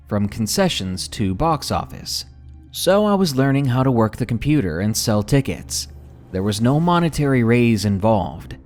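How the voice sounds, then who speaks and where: A man narrating true scary stories in scripted, expressive storytelling. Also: on the low side.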